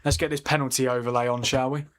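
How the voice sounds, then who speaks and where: A young man hosting a casual football watchalong livestream, chatty and quick to laugh while talking to his chat. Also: medium pitch, little pitch movement, fairly bright tone. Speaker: livestream host.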